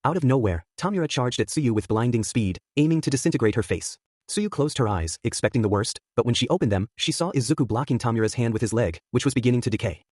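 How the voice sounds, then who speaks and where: A man narrating a fan fiction story aloud in a brisk, expressive way. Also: mid-range voice, no echo, studio quality.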